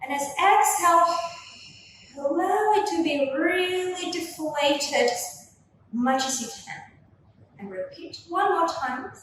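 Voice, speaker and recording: A young woman leading a gentle Pilates workout with slow, soothing cues, filmed on a camera from across the room. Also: very high voice, a little hiss or hum. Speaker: Pilates instructor. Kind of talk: guided workout instruction. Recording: echoey room, voice from a distance.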